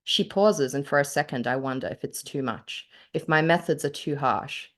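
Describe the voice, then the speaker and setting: Aussie woman reading her own dark short story out loud, low voice, animated and laughy in between. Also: normal speed. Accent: Australian. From Australia. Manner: animated, laughs often, gets choked up. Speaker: podcast co-host and author.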